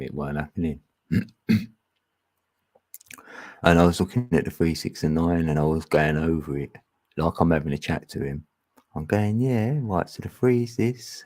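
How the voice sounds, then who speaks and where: A man's voice: rumbling low, warm tone. A man talking in a rambling, chatty livestream monologue, laughing often and thinking aloud. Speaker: livestream host.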